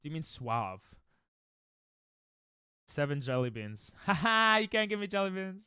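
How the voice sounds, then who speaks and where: A man's voice: fairly high pitch, very animated, a little slow, sharp tone, smooth, no echo, studio quality. A man streaming a speedrun, chatting casually and joking with chat, laughing often.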